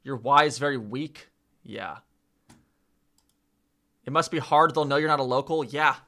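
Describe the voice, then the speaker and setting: A man's voice: mid-range voice, a little slow, pushed and bright. A man live-streaming as he practises a language, chatting casually, reading the chat aloud and repeating sounds over and over. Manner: reads chat aloud, chatty and self-mocking.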